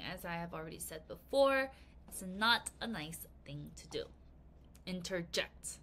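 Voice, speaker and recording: A woman teaching an English vocabulary lesson to children, reading aloud with bouncy, expressive emphasis. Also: lowish voice, a little slow, slight background noise.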